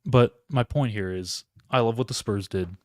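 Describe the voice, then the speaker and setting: A man's voice: lowish voice, normal speed, dry recording, clean studio sound. A man hosting a live solo sports reaction stream, rambling, interrupting himself and talking to his chat. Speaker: podcast host.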